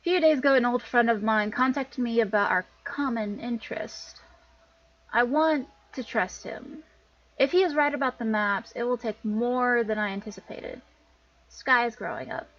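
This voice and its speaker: A stern male camp doctor and protective father, read aloud by a woman. He speaks gravely, as if issuing warnings. The sound is dull and lo-fi, and the voice sits fairly high. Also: moderate pace, a bit bright. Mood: worried. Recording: dull lo-fi recording.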